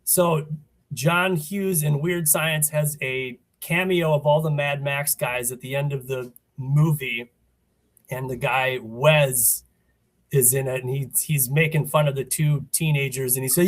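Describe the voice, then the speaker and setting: A man chatting casually as a podcast guest, telling stories in a relaxed way. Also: medium pitch, a little slow. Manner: relaxed, storytelling. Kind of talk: casual chat.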